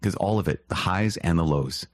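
A man's voice: sits low, moderate pace, dry recording. A man speaking as a priest, giving an earnest, exclamatory catechism talk. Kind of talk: catechism teaching.

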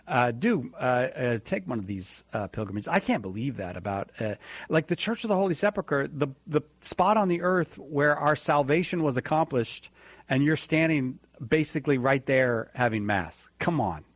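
A man's voice: medium pitch, lively intonation, normal speed, no room sound. A man co-hosting a call-in radio show who talks enthusiastically and emphatically, often stalling on fillers. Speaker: radio co-host.

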